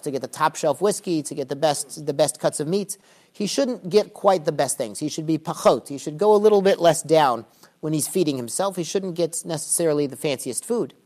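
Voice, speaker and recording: A man teaching a Talmud class, reading Aramaic phrases slowly and explaining them in casual English with dry joking asides. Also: a little high, a little mellow.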